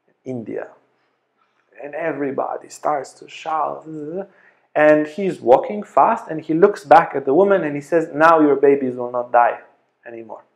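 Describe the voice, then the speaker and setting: A man giving a lecture as a yoga teacher, telling stories in a lively way and acting out the voices of people in them. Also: on the high side, vocal fry. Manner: animated storyteller, acts out quoted voices. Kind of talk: storytelling lecture. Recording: echoey room.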